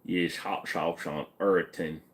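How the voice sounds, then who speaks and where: A man's voice: low-pitched, steady tone, a little slow. A man hosting a live stream, reading viewers' questions aloud and answering them in a blunt, joking way. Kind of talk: casual live-stream chat.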